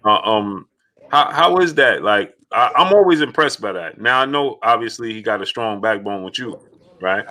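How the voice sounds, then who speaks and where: Casual male host, low-pitched and bright, easygoing questions. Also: expressive, normal speed. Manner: laid-back, asks with many "right?" and "you know". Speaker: interview host. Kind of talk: casual interview talk.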